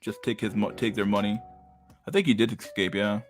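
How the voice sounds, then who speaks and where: Young man, livestream host, low voice, crude, profane, casual chat. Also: fairly even intonation, brisk, faint music behind.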